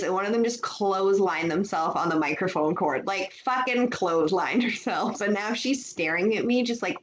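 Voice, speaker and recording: A woman co-hosting a podcast from home, chatty and quick to react, with some swearing. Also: medium pitch, rough recording. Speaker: podcast co-host. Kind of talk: casual chat. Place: home with cats. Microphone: handheld mic.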